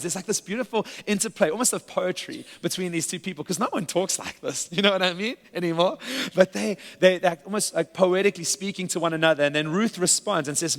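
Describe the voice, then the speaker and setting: A man preaching a sermon as pastor, earnest and at times playful with laughter. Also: fairly high pitch. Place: church sanctuary. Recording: church hall with long reverb.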